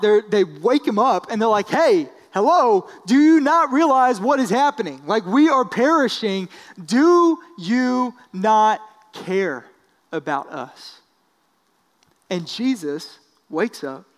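Man, high voice, casual storytelling sermon, long hall reverb. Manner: casual storytelling with many fillers. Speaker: speaker at a church service. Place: large hall with an audience.

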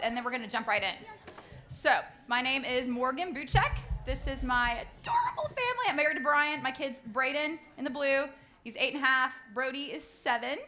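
A woman in her thirties briskly introducing a panel of moms. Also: high-pitched, bright, forceful tone. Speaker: panel host.

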